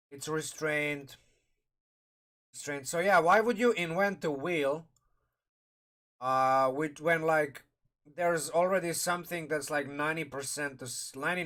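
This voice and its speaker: On a live stream, a man with a slightly high, somewhat bright voice casually reviews a game sourcebook. He rambles and thinks aloud, restarting his sentences, all while eating and talking through a full mouth.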